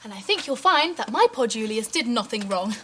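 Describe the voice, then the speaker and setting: Woman acting a haughty mother, high bright voice, melodramatic, student comedy drama. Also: big pitch swings, a little fast, slight background noise. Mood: indignant. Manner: haughty, melodramatic, escalates into shrill outrage. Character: pompous indignant middle-class mother. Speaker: parent.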